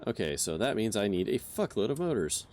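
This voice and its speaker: A man's voice: fairly low pitch, big pitch swings, fairly quick, darkish tone, a little hiss or hum. A man hosting a casual game stream, joking and swearing as he thinks aloud. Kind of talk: casual gameplay chat.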